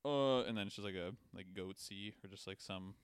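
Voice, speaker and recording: A man's voice: on the low side, brisk, clear, resonant tone, no room sound. A young man co-hosting a podcast in casual chat, rambling and crude, laughing often. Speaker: podcast co-host.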